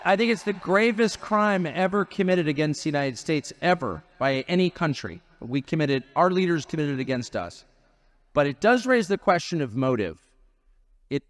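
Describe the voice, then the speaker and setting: A man's voice: on the high side, no room sound, studio quality. A man hosting an interview, asking probing, incredulous follow-up questions. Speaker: interview host. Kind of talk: unscripted interview conversation.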